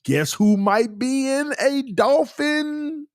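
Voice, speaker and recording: A man hosting a casual sports fan livestream, ranting and repeating himself with bursts of laughter and shouting. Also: very high-pitched, takes it slowly, no room sound, studio quality. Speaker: sports channel host.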